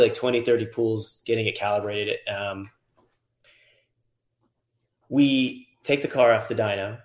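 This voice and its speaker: Animated man telling a shop story. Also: fairly low pitch. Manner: animated, swears freely, acts out voices in stories. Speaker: guest, car tuner. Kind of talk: casual storytelling. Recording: roomy echo.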